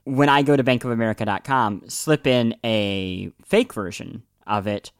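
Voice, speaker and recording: A man's voice: mid-range voice, normal speed, clean tone, no room sound. A podcast host with a mid-range male voice who keeps the talk grounded, asking plain follow-up questions with a wry edge. The close mic leaves his voice dry, with no room sound. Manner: wry, asks clarifying questions. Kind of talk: casual conversational podcast.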